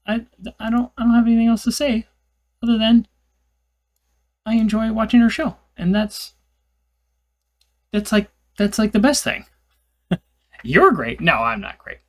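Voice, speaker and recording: A man's voice: sits high, expressive, a little slow, pauses often. A man casually commenting as he plays on a livestream. He is chatty, self-deprecating, and laughs often. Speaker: game streamer. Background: game music.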